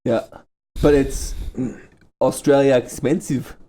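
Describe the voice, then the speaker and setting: A young man with a mellow, relaxed tone rambles through a loose podcast chat. He swears freely and jokes crudely, with a mid-range voice. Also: mid-range voice, takes it slowly, a little hiss or hum. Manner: crude, joking, swears a lot. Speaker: podcast host. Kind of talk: casual chat.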